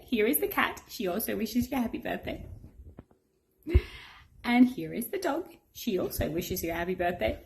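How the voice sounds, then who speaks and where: A woman's voice: fairly high pitch, vocal fry, slight background noise. A woman recording a cheerful, slightly scattered birthday message, giggling as she goes. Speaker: family member sending birthday wishes. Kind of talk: casual video message.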